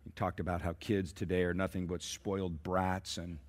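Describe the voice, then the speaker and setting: With a low, level tone and moderate pace, a man preaches as pastor. He's a storyteller who keeps calling out to the congregation for responses.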